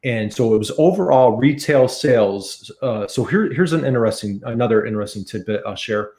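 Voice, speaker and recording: An American man of about fifty talks eagerly as a podcast guest and hammers home his key figures by saying them twice. His voice sits at an ordinary pitch for a man. It carries a noticeable room echo. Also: brisk, a little mellow. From United States. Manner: enthusiastic, repeats key figures for emphasis. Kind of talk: podcast interview.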